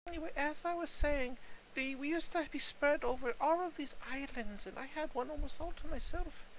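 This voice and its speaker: A man's voice: very high-pitched, moderate pace, fairly bright tone, slight background noise, pitched above the performer's own voice, low-quality recording. A man voicing a lonely, forgetful old mushroom that rambles wistfully about the past. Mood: wistful rambling. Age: older. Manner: meandering, wistful, talks over others.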